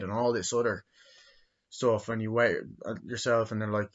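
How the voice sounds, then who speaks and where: A young man in his twenties giving a rambling, profane movie review, acting out quotes in silly high voices. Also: fairly even intonation, moderate pace, dull audio. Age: 20s.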